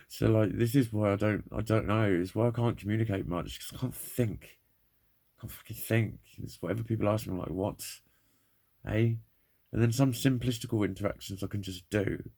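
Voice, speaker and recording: A man's voice: lowish voice, creaky, dark tone, slightly rough. A man in pain, talking in a rambling, frustrated monologue full of swearing. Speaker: vlogger. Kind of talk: candid personal monologue.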